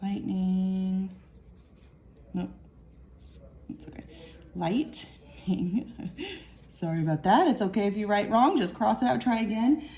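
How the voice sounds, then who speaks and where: A young woman teacher talks to young children in a recorded class lesson. She speaks patiently and slowly, sounding out each word and clapping the syllables. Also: medium pitch, darkish tone.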